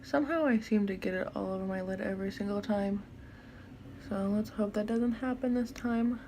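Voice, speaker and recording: A young woman casually chatting through a makeup tutorial as a beauty vlogger, candid and quick to exclaim. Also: medium pitch, mellow, slight background noise.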